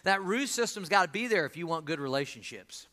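A man's voice: high-pitched, lively intonation, a little fast, bright, forceful tone. A man in his fifties preaching a sermon as a pastor, folksy and emphatic, repeating his key lines. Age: 50s.

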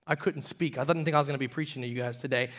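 Storytelling pastor with lively swings. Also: male voice, mid-range voice, rapid-fire. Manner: storytelling, swings from loud emphatic peaks to quiet hushed confession. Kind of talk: sermon.

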